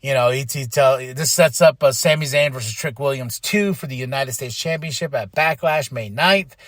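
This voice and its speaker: A man hosting a podcast, giving an excitable, casual recap full of fillers and acted-out quotes. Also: medium pitch, moderate pace, no room sound, studio quality. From Flagstaff, Arizona. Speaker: podcast host.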